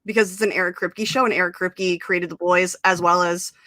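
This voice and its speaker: A woman's voice: lowish voice, brisk, dry recording. A young woman hosting a live show, telling a story with lots of fillers and laughter. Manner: animated storyteller, many fillers, laughs often. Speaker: host. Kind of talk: casual chat, storytelling. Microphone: live stream mic.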